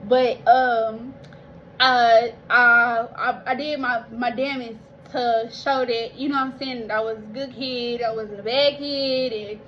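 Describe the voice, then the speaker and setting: Young woman vlogger, fairly high-pitched, telling her story in a loose, emotional, near-tearful way; slightly muffled recording. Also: steady tone, measured pace, a little hiss or hum. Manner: rambling, heartfelt, addresses listeners as y'all, swears casually. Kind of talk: casual personal storytelling.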